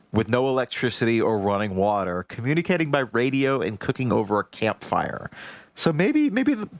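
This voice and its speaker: A man's voice: medium pitch, dry recording. A man co-hosting a podcast, reading his notes aloud as wry, casual storytelling. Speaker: podcast co-host.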